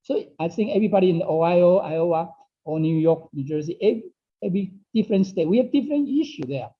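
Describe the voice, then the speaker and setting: A man's voice: high-pitched, expressive, fast. A man teaching an online Dao study class in English that is not his first language. He repeats his phrases and keeps checking in with his listeners by asking "okay?". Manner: non-native English phrasing. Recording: dull lo-fi online class audio.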